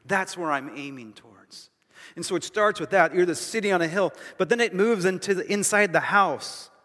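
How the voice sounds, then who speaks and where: A man's voice: high-pitched, brisk, fairly bright tone. A man preaching a sermon as pastor, emphatic and repeating phrases for stress, with casual asides to the congregation. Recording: long reverb of a large hall.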